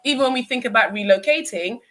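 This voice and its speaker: Emphatic bright-voiced woman. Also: a little high, expressive, fast talker. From born in Cameroon, raised in the UK. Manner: emphatic, calls people sis. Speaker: co-host. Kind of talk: casual chat.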